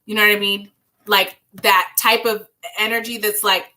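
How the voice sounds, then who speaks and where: A young woman hosts a live tarot reading, talking in a loose, rambling, reassuring way. Her voice sounds bright and ringing at a middling pitch. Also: level tone, moderate pace. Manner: chatty, rambling, reassuring, sings bits of songs. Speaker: tarot reader.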